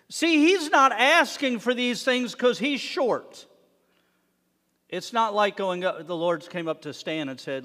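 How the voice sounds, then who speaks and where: A man preaching a sermon to his congregation, animated, swinging between loud emphasis and hushed asides. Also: very high-pitched. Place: synagogue sanctuary. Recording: long reverb of a worship hall.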